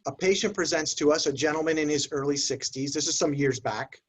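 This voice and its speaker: A man with a husky voice pitched a little high explains clinical points calmly. He is a clinician who tells patient stories in a measured, explanatory way. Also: rough recording. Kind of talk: casual professional discussion.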